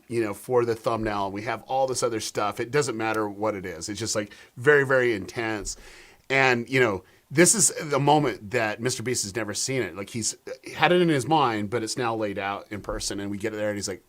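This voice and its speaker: A man's voice: medium pitch, normal speed. A man, a YouTube strategist, talking as a guest on a live stream over a video call, telling stories with lots of fillers and restarts. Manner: animated storyteller, many fillers and restarts.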